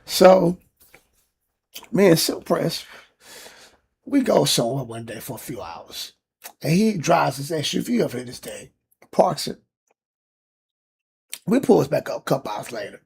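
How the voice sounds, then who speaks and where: A man hosting a podcast, telling a neighbor story in a casual, animated, profane rant. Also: on the high side, a little slow, pauses often. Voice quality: gravelly, husky. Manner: animated, acts out quotes, profane. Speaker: podcast host.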